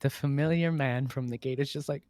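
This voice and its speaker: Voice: mid-range voice, steady tone, a little fast, darkish tone, no echo. Dry-sounding game master narrating. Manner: casual, laughing, voices characters.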